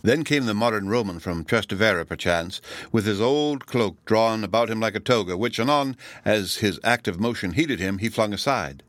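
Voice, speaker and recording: Male narrator for a classic novel: low, measured, dry and close. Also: no room sound. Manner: measured, even reading. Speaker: audiobook narrator. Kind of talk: scripted narration.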